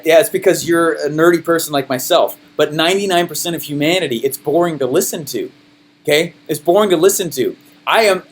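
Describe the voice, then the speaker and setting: A man coaching a group on sales, emphatic and high in energy. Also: slight background noise.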